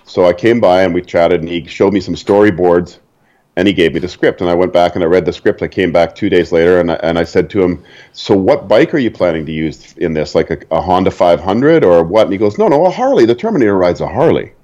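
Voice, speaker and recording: A man's voice: deep voice, a little fast, darkish tone, highs cut off. An older man from Canada, a stunt performer, telling stories casually and chuckling at his own anecdotes. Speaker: interview guest, stunt performer.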